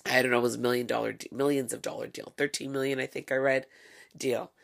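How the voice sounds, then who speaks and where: Gravelly-voiced woman, sarcastic solo podcaster. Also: very deep voice, flat delivery, quick pace. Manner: sarcastic, profane, gossipy commentary. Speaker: podcast host. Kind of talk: casual solo podcast chat.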